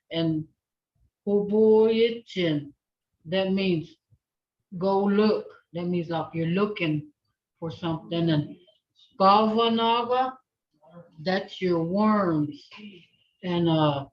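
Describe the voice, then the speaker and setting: Slow, patient woman teaching a language. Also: on the low side. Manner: patient, slow, repeats words for the learner. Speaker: language instructor. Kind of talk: online language lesson with call and response. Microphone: video call. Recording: dull lo-fi video call audio.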